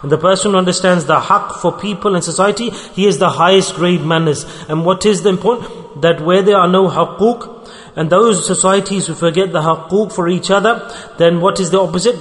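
A man preaching a sermon to a congregation, telling stories earnestly and slowing down to repeat key words. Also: a little high. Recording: long hall reverb.

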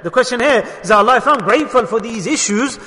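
Speaking fast and animatedly, a man preaches in a very high, bright voice that echoes through a large hall with long reverb. He pushes his points through forceful rhetorical questions, often falling to soft, low murmurs.

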